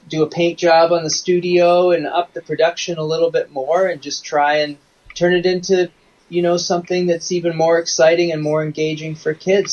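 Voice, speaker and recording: A man's voice: fairly high pitch, a little mellow, lo-fi sound. A man from Canada, a singer-songwriter appearing as an interview guest, who tells rambling anecdotes full of restarts. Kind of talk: casual interview chat.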